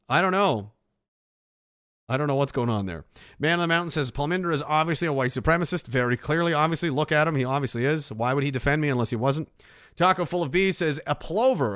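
A man's voice: on the high side, a bit bright, dry recording. Sarcastic ranting man, dry close sound. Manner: sarcastic, ranting, swears freely. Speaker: livestream host reading viewer donations. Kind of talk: casual livestream commentary.

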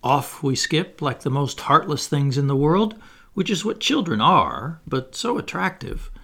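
Husky-voiced man narrating a classic story. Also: fairly high pitch, sing-song, unhurried, fairly bright tone. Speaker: audiobook narrator. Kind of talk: scripted narration.

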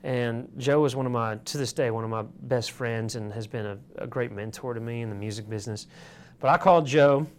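A man's voice: mid-range voice, brisk, a little hiss or hum. A man from Michigan telling stories as an interview guest, rambling with fillers and restarts. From Michigan, USA. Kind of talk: casual storytelling.

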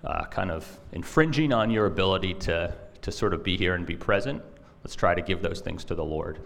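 Pastor, male: casual, chatty sermon delivery, soft and slow when he prays. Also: low-pitched, gravelly. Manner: conversational, with fillers and restarts; hushed and slow in prayer.

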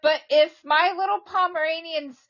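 A woman co-hosting a casual chat podcast, telling animated stories with lots of exclamations. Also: very high voice, normal speed, muffled recording. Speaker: podcast co-host.

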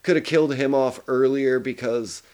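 Male podcast co-host, mid-pitched voice, relaxed movie chat, profane and halting with ums. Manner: profane, hesitant with fillers. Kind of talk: casual movie review chat.

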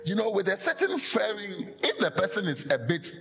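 Animated preacher man, high lively voice. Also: moderate pace, background noise. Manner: animated, acts out quoted voices, laughs often. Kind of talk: lively sermon.

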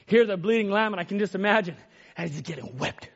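Male preacher, high raspy voice, impassioned sermon delivery with big loud-to-hushed swings, muffled recording. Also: fast. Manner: emotional, swings from loud exclamations to hushed near-whispers.

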